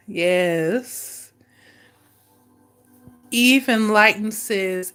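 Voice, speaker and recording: Woman host, casual chat, teasing, laughs a lot, slow unhurried delivery, raised voice. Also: a little high, a bit bright, faint music behind. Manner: laughs often, teasing, calls viewers honey. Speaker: livestream host reading viewer comments.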